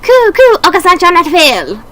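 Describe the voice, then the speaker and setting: Woman doing a shrill, squealing game pigeon, hyper, very high. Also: moderate pace, full character voice. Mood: excited. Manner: excitable, speaks of itself in third person. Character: frantic little male pigeon, hyper and odd.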